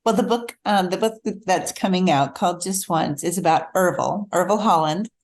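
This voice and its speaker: A middle-aged woman, an author, telling a personal story in a relaxed conversation, acting out the voices she quotes. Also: lowish voice, moderate pace. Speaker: author guest. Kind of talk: storytelling in casual chat.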